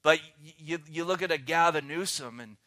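Male preacher, slightly high voice, fervent sermon delivery with hushed dips. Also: no room sound, studio quality. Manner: fervent preaching, swings between loud and hushed, slows to read scripture. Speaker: pastor. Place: outdoors.

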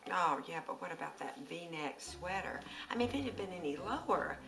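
A woman's voice: on the low side, animated, normal speed. A woman playing a catty, prim church lady who gossips, in a comedy skit. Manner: prim, insinuating. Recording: clear music underneath.

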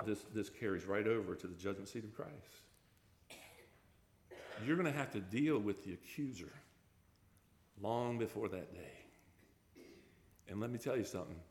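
A man's voice: on the low side, a little mellow, reverberant, a little hiss or hum. A man preaching a sermon, emphatic, firing off rhetorical questions and repeating key words. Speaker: pastor.

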